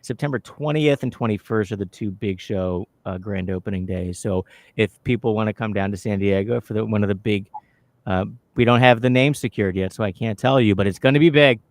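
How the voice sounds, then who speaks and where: Low-voiced host plugging a comedy club. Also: male voice, fairly quick, no room sound. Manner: chatty, promotional, talks through plans. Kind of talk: casual chat.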